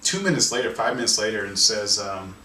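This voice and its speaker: A man, an artist and author, telling a story in an interview in an animated way, often restarting and repeating words. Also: on the low side, brisk, slight background noise. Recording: roomy sound from a distance, faint ambience.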